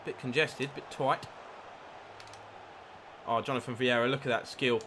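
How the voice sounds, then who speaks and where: A man live-streaming a football video game, commentating his own play, reacting loudly to chances and thanking new followers. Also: medium pitch, a little slow, pauses often, slight background noise. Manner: excitable, swears at the game, reads out followers. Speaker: gaming streamer. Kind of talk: live gameplay commentary with chat.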